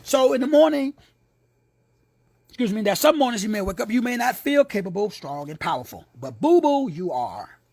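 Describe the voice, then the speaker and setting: A man with a Texan accent preaching an informal sermon, playful and slangy, who drops into hushed whispers for asides. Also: sits high, very animated, normal speed, gravelly, no room sound. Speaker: preacher and teacher.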